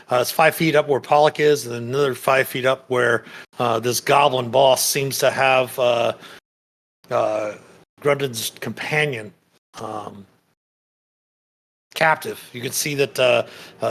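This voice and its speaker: A man narrating as game master in a tabletop game, describing scenes in a halting way with frequent pauses to search for words. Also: mid-range voice, fairly even intonation, fairly bright tone. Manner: halting, many fillers and restarts while describing the scene.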